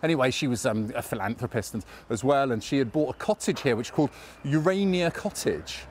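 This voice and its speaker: A man's voice: medium pitch, animated, fairly quick, a little mellow, a little hiss or hum. A man with an English accent guiding a casual walking tour, rambling and chatty with a self-mocking streak, recorded outdoors on a city street. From England.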